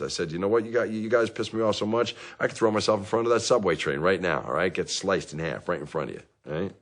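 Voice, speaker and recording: An actor plays a self-pitying divorced dad in therapy, speaking in a deep, low voice. The patient rambles and justifies himself through a comic monologue, occasionally flaring up in anger.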